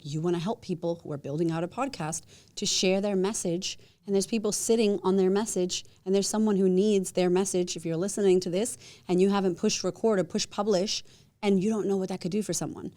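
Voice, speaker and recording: A woman guest talks in a lively, emphatic way, slipping in little acted-out voices for the people she quotes. Her voice sits a bit low and mellow, with a warm dark tone rather than any brightness. It is easy, casual podcast conversation. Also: brisk. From United States. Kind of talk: casual interview chat.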